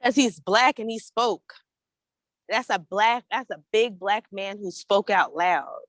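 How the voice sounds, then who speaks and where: A woman's voice: mid-range voice, slow, fairly bright tone, dry recording, studio quality. A woman co-hosting a podcast, reacting to a played clip in blunt, sarcastic casual chat. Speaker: podcast co-host.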